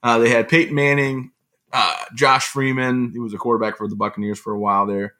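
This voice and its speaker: A man telling stories as an interview guest, in an animated, rambling conversational way. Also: mid-range voice. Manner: fast, animated storytelling with rambling asides. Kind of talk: conversational storytelling.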